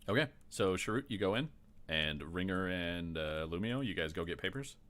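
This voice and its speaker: A man narrating as game master in a rambling, halting way with many fillers. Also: low voice, animated, fairly bright tone.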